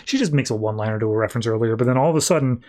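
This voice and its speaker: A man hosting a podcast, recapping a comic book casually and rambling with many "like"s while he acts out quotes in quick voices. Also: mid-range voice, darkish tone. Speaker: podcast host.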